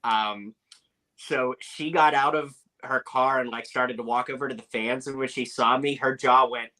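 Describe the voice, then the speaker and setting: A young man telling animated anecdotes as a podcast guest, with lots of filler words. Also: medium pitch, moderate pace, rough recording. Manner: animated storyteller, many "like" fillers.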